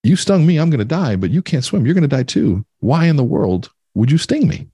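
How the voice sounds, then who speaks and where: A man's voice: on the high side, big pitch swings, a little fast, mellow, husky, no echo, pitched above the performer's own voice. A man voicing an indignant frog. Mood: exasperated. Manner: indignant, raised voice. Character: incredulous frog, wary and exasperated.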